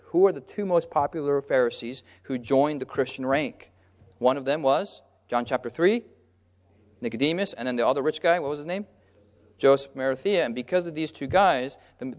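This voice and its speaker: Preacher man in an echoing hall. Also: mid-range voice. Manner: pauses on a word and asks the listeners "what?" so they call out the answer; lively, acts out the crowds in brief character voices. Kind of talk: sermon. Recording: long hall reverb.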